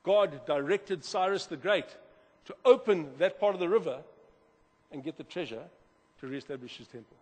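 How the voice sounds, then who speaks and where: Pastor preaching, husky, lots of repeats, echoey church hall. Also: male voice, on the high side, normal speed. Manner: animated, repeats words, swings from loud to quiet. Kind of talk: sermon. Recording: long hall reverb.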